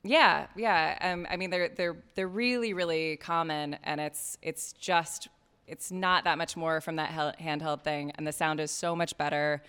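Low, smooth-voiced woman podcaster in a hall. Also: steady tone, measured pace, a bit bright. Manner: chatty, frank, loose with swearing. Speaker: podcast host giving advice. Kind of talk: casual talk at a panel.

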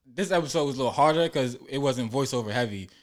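A man's voice: mid-range voice, animated, fast. A man talking casually about making his web series, loose and laughing often. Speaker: web series creator and actor. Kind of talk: casual podcast chat.

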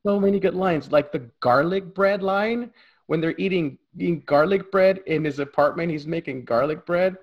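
A man's voice: sits high, normal speed, lo-fi sound. A man co-hosting a film review podcast, enthusiastic, stammering and repeating words. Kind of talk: casual film chat.

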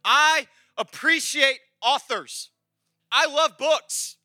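A man preaching a sermon as pastor, animated and conversational, shouting at the high points. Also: slow, no room sound, clean studio sound, faint music behind.

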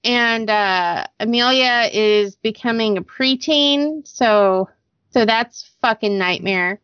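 Blunt, high-voiced mother on a podcast. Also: slow pace, clear, resonant tone, no room sound. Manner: blunt and profane, quotes herself in animated voices. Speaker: podcast co-host. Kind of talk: casual chat. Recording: dull dry sound.

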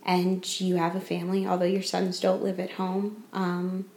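A woman's voice: lowish voice, level tone, moderate pace, darkish tone, reverberant. A woman hosting a podcast, asking her guest questions in a conversational, attentive way. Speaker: podcast host. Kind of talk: interviewing a guest.

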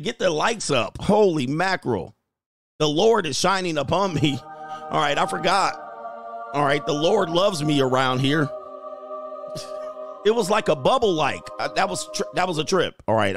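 A man hosting a casual livestream, reading viewer comments aloud, animated and laughing, with loose swearing. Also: fairly high pitch, vocal fry. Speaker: livestream host reading chat.

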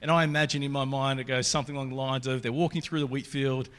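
A man giving a sermon in a relaxed, conversational way, reading scripture aloud along the way. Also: mid-range voice, fast. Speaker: preacher.

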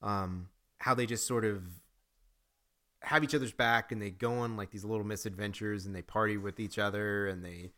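A man co-hosting a casual movie review podcast, rambling and animated, often acting out his own reactions. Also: fairly low pitch, moderate pace. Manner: rambling, animated, acts out quotes. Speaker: podcast co-host.

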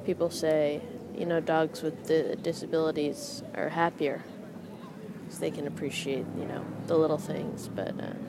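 A woman's voice: low voice, flat delivery, normal speed, vocal fry, background noise. A young woman hosting a podcast outdoors in a park, rambling casually and joking at her own puns. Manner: rambling, self-mocking puns, laughs at own jokes. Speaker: podcast host. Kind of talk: casual monologue.

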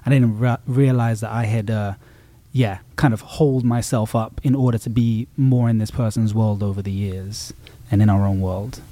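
A man's voice: on the low side, level tone, moderate pace, mellow, dry recording. A man, a musician guest, talking reflectively in a casual interview, rambling with frequent restarts.

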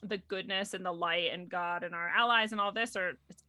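A woman's voice: on the low side, steady tone, brisk, sharp tone, a little hiss or hum. A woman talking earnestly in a casual spiritual conversation, often saying "like" and laughing easily.

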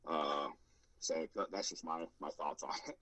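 A man's voice: extremely low pitch, normal speed, sharp tone, no echo, rough recording. A man coaching powerlifters, chatting casually with many fillers and restarts. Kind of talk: casual podcast chat.

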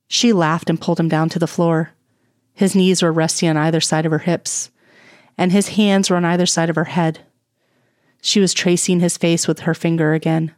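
Woman narrator, low-ish voice, soft and intimate read, dry close sound. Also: flat delivery, normal speed, dry recording. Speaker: audiobook reader. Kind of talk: reading romance fan fiction aloud.

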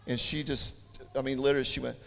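A man preaching a sermon, telling stories in an animated, chatty way with joking asides. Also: mid-range voice, fast talker, vocal fry. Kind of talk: storytelling sermon. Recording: long hall reverb.

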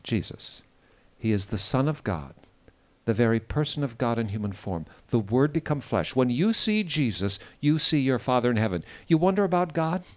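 A man giving an earnest, measured devotional sermon outdoors on a boat, retelling a story and reflecting on it. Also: mid-range voice, very animated. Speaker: preacher.

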